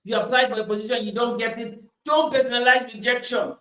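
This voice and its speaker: Male motivational speaker, high-pitched and emphatic, in a roomy space. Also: steady tone, quick pace, few pauses. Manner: emphatic, repeats phrases, swings between loud bursts and quiet asides. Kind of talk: motivational talk.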